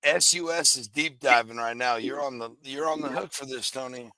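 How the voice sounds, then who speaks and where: A man's voice: medium pitch, normal speed, crowd noise, low-quality recording. A man co-hosting a casual podcast, laughing and playful, talking to the listeners as "folks". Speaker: podcast co-host.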